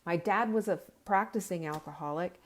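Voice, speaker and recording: A woman's voice: on the low side, normal speed. A middle-aged woman hosting a live meal-planning show, giving an earnest, urging pep talk, at times tearful.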